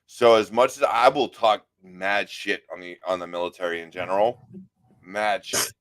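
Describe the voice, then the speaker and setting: Chatting casually on his podcast, a man spins stories with quoted voices and the odd curse word. He has a low-pitched, slightly bright voice with fairly even intonation and a moderate pace.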